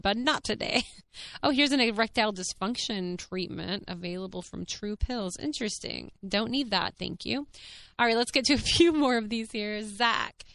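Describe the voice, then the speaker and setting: A young adult woman hosting her own podcast, chatting candidly and reading listener comments aloud, full of fillers and quick laughs. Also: medium pitch, vocal fry, fairly bright tone, clean tone, dry recording. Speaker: podcast host.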